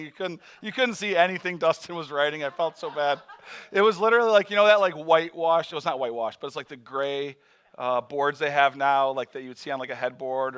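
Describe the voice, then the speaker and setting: A man telling a mission story in a sermon, animated, acting out voices and laughing often. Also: a little high, clean tone.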